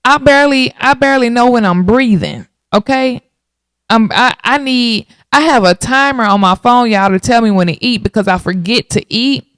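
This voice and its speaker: A lively woman in her late thirties tells a personal story on her podcast and keeps turning to her listeners with "y'all." Her voice is smooth and clear. The sound is dry and close, with no room around it. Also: on the high side, moderate pace, dry recording. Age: 30s. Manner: animated, talks straight to listeners with y'all. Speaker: podcast host.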